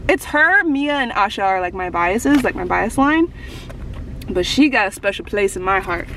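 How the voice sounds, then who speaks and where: A woman's voice: mid-range voice, expressive, measured pace, fairly bright tone, recorded from a distance, slight background noise, poor audio. A young woman vlogger telling a story in a bubbly, gushing way, full of "like". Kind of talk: casual storytelling to camera.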